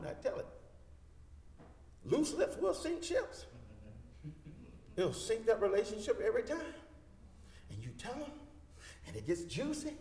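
A man preaches in a high voice, his lines swinging from loud and emphatic to quiet. His words ring out in a big church hall with a long, echoing tail. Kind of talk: sermon. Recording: echoey hall reverb.

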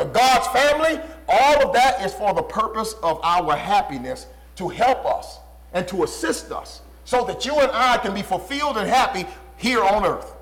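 A pastor preaching a sermon with an emphatic, repetitive cadence, often dropping low and quiet for stress. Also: male voice, low-quality recording.

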